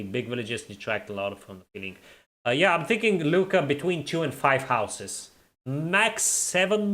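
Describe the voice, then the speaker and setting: A man's voice: mid-range voice, a bit bright. A young man chatting casually on a live stream, reading viewer comments, teasing and laughing often, and tripping over and repeating his words.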